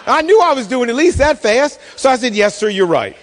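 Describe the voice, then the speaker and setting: Animated preacher in a big echoing hall. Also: male voice, extremely high pitch, fairly quick. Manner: storytelling, animated, acts out quoted voices. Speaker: pastor. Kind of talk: sermon.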